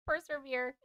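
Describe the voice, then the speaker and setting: A woman's voice: high-pitched, fairly bright tone, slight background noise. A woman hosting a live stream, chatting casually with viewers, laughing often and swearing now and then, then reading their stories aloud.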